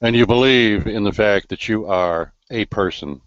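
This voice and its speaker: A man's voice: lowish voice, normal speed, no room sound. A man talking sarcastically in a live voice chat room, with wry jokes. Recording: dry, dull lo-fi voice chat audio.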